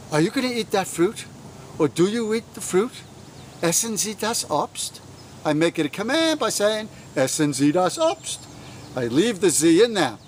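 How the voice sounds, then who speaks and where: Lively man explaining grammar outdoors. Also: on the high side, a little hiss or hum. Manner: lively, patient, checks for understanding. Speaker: German teacher. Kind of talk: classroom-style explanation. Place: outdoors atop a tower above the prairie.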